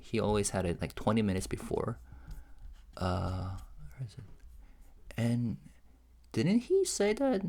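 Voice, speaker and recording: Low-voiced man translating with chuckles. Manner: relaxed, chuckling, hesitant with many fillers. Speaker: YouTube host translating a livestream. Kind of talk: casual reaction commentary and live translation.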